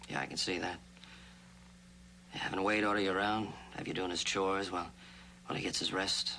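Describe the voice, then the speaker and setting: A wry, deep-voiced cowboy. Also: male voice, steady tone, brisk, a little hiss or hum, rough recording. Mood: calm. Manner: dry, easygoing, gently needling. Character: calm, wry captive cowboy hero. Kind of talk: 1960s TV western acting.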